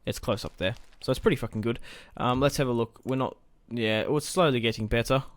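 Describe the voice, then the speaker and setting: A man's voice: mid-range voice, brisk. A young man giving casual, rambling let's-play commentary as he plays, thinking aloud and swearing now and then. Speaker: gaming let's-play host.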